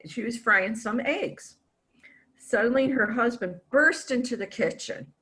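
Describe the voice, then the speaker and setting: High, lively woman telling a joke. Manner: unhurried storytelling. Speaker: jester at a speaking club meeting.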